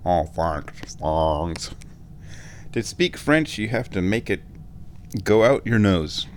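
A man's voice: fairly low pitch, expressive, unhurried, slight background noise. A drowsy man rambling casually to his viewers at home, chuckling often, his sinuses a bit stuffed. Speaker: vlogger. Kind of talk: rambling casual chat to camera.

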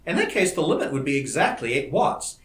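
A man reading the part of a calm, cautious male scientist in an audiobook, in a roomy-sounding recording. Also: a little high. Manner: measured and cautious. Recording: roomy echo.

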